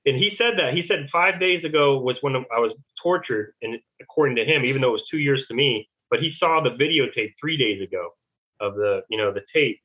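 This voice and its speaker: A man's voice: mid-range voice, fairly quick. A male American podcast guest recounting a story in a rambling way, full of restarts and filler words. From United States. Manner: rambling, fills speech with "like" and restarts. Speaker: podcast guest, Navy veteran. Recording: tinny phone-like line.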